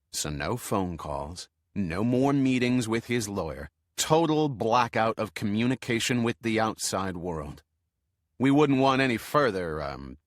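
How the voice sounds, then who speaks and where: A male narrator voicing a tough, blunt male FBI agent with a gruff, clipped delivery. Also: lowish voice, no room sound, studio quality.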